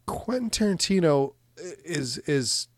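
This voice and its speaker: A man's voice: fairly high pitch, animated, a little slow, dry recording. A man co-hosting a casual movie podcast, rambling, laughing often and swearing casually. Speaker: podcast co-host.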